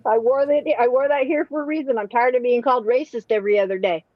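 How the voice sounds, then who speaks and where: Woman rambling thru crude funny stories on a live stream, kinda high voice, dry muffled mic. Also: steady tone, quick pace, no echo. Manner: crude, rambling, frequent restarts. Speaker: streamer hosting a live panel. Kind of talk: rambling comedic storytelling.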